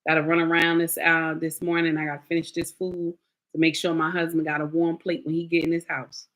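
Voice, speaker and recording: A woman's voice: low voice, completely flat delivery, fairly quick, fairly bright tone. A middle-aged woman content creator, lecturing and scolding her viewers in a blunt, preachy commentary. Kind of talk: livestream commentary rant.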